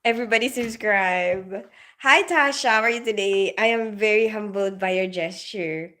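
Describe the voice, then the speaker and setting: A woman's voice: mid-range voice, moderate pace, pushed and bright. A woman chatting casually on a livestream, giggling often and greeting viewers as she goes. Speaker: nurse livestreamer.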